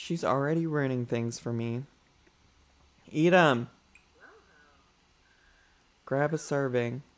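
A man's voice: mid-range voice, slow pace. A man giving chatty let's play commentary, calling his viewers y'all and talking back to his character with sass. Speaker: gaming YouTuber.

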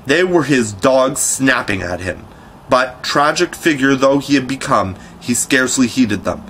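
A man reading a classic children's novel aloud in a measured, expressive storytelling voice. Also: medium pitch, slight background noise, rough recording. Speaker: audiobook reader. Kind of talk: scripted narration.

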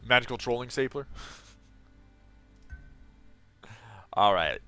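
A young man streams a game and talks loosely with his chat, laughing often. His voice sits in a middle pitch, and he reacts out loud to what happens on screen. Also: lively intonation, moderate pace, faint music behind. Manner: chatty, laughs often, reads chat aloud. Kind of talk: casual live-stream chat.

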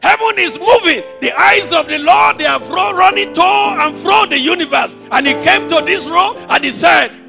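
High, gravelly preacher. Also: male voice, animated, normal speed, few pauses, highs cut off, music in the background. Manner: impassioned, calls out to the congregation. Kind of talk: sermon. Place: church service.

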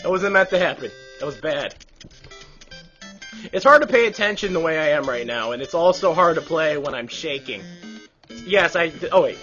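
A man recording gameplay commentary, rambling in quiet asides and then shouting excited, swearing hype lines. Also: a little high, normal speed, long pauses, faint music behind. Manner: loud, excitable, swears often; mumbled asides between bursts.

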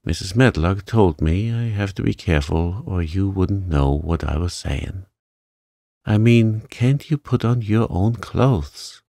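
A man's voice: low voice, animated, unhurried, gravelly, dark tone, dry recording, studio quality, full character voice. A man voicing a cheerful, talkative young housemaid with a broad Yorkshire accent, plain-spoken and unbothered. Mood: explaining.

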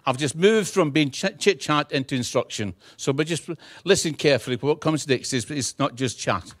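Middle-aged Scottish man as a guest preacher: humorous storyteller, slightly high voice, dry close mic. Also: normal speed, no echo. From Scotland. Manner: humorous, animated, acts out dialogue. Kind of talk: sermon with storytelling.

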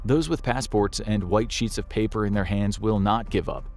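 Low-voiced man narrating a grave documentary. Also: moderate pace, darkish tone, soft background music. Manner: grave, dramatic storytelling.

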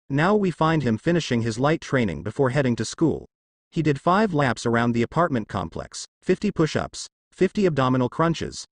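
A man narrating a fan fiction story aloud in a plain, steady reading voice with occasional misread words. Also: mid-range voice, no room sound, studio quality.

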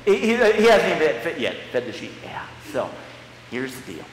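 A man's voice: fairly high pitch, wildly swooping pitch, normal speed, slight background noise. A man serving as pastor, leading a children's message in a church sanctuary, guiding the kids through a story in a stop-start, playful way. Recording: echoey church hall, live stream.

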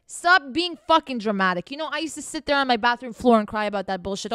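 A woman's voice: on the high side, animated, fast talker, few pauses, sharp tone, clear, resonant tone, no echo, studio quality. A woman talking straight to the viewer in a candid motivational monologue, blunt, profane and sarcastic, scolding the listener directly. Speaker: host.

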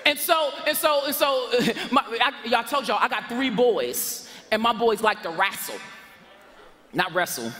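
A man preaching a lively sermon as pastor, shouting for emphasis and laughing along with his congregation. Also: very high voice, unhurried, few pauses, long reverb tail. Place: church sanctuary. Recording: church sanctuary with congregation noise.

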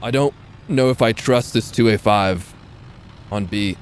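A man with a Californian accent chats through a live gameplay stream, wry and joking, often breaking into laughter. His voice sits a little low. A faint hiss of background noise stays under him. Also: a little slow. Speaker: game streamer. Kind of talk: casual live gameplay commentary.

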